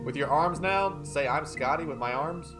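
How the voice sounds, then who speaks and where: A man's voice: on the high side, normal speed, over music. A man streaming a game live, joking around and chatting with his viewers in a playful, teasing way. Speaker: livestreaming gamer. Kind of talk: casual live-stream chat.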